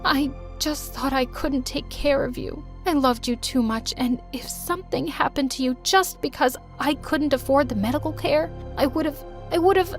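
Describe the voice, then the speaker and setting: Brief: woman reading as a sorry, pleading mom in an animated story; high voice, soft music under it. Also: moderate pace, few pauses, lightly acted. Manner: pleading, emotional delivery. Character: remorseful middle-aged mother, tearful and apologetic.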